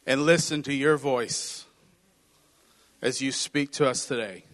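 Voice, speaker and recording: A man's voice: mid-range voice, measured pace, fairly bright tone. A man preaching a conversational sermon, reading scripture and explaining it with playful acted asides. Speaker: pastor. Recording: hall reverb.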